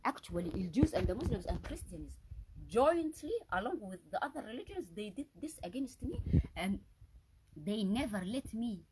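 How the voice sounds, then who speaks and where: A woman's voice: a little high, very animated, normal speed, background noise. A woman delivering an unscripted solo monologue, agitated and accusatory, often stopping to restart and repeat her words for emphasis. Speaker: vlogger.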